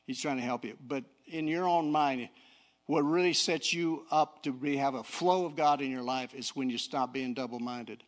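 A middle-aged male preacher giving a folksy sermon, swinging from low talk to fiery shouting. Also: normal speed. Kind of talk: sermon with personal story.

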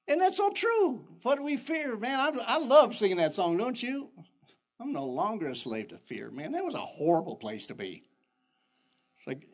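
An older man who is a pastor, giving an animated sermon full of personal stories that jump in pitch. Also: moderate pace. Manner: animated storytelling with sudden pitch jumps and chuckles.

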